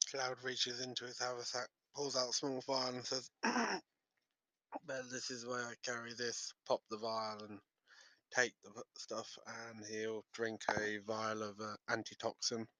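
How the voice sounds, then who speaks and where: A man's voice: medium pitch, little pitch movement, unhurried, sharp tone, no echo, low-quality recording. A man playing a tabletop game, describing his character's actions. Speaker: player.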